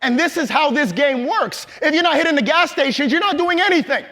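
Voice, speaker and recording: A man with a very high voice gives a live motivational training talk in a large event hall. He is loud and hyped, calls on the audience to shout back, and laughs between points. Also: lively intonation, fairly quick. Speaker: motivational speaker.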